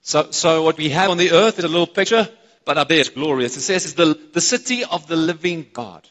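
A man with a South African accent preaching a sermon, excitable and chatting with the congregation between points. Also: on the high side, a little fast. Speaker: pastor. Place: church auditorium. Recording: reverberant church hall.

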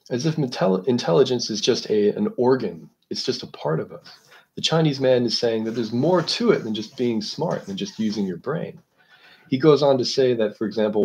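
A man hosting a literature discussion, explaining a book in a measured, analytical way while thinking aloud. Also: fairly low pitch, a little mellow.

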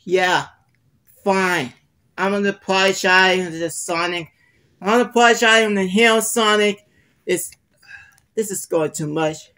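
A woman's voice: mid-range voice, normal speed, long pauses, a bit bright, close to an everyday voice. A woman voicing a hot-tempered, sulky character who rambles irritably in a fan-made toy video. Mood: grudging.

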